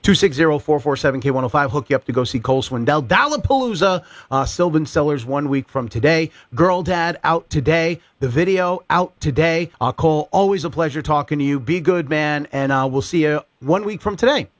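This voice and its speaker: A man's voice: on the high side, brisk, hardly any pauses, no room sound. A man hosting a morning radio show, upbeat and promotional as he wraps an interview and runs a giveaway. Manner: upbeat and promotional, reading out numbers. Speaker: radio host.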